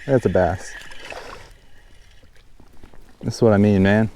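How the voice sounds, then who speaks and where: A man hosting a fishing vlog, chatting casually outdoors by a mountain pond and getting excited over each catch. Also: fairly low pitch, fast talker, a little hiss or hum. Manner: chatty, excited when hooking fish. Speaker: fishing channel host.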